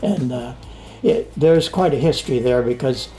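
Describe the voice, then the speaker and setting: A man's voice: mid-range voice, normal speed, faint music behind. An older man telling stories in a casual interview, acting out the dialogue as he goes. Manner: animated storyteller, acts out quoted dialogue. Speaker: interviewee, sound engineer. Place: home studio.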